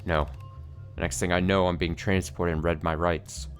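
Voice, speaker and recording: A man voicing a brooding, weary young male defendant in a game, recounting events in a flat, somber way. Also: deep voice, normal speed, soft background music, lightly acted.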